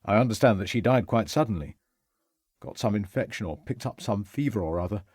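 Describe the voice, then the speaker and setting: A man's voice: fairly low pitch, a little fast, darkish tone, breathy edge, dry recording, clean studio sound. A male audiobook narrator voicing a tipsy, rambling young upper-class man who slurs and chatters on in self-pity. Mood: mocking. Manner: slurring, chatty, self-pitying.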